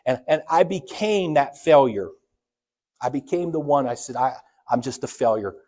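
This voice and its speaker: With an expressive, dark voice at a moderate pace, a man preaches in a church sanctuary. He is a church elder relating a personal story, bringing its quoted dialogue to life through big swings in loudness and pitch.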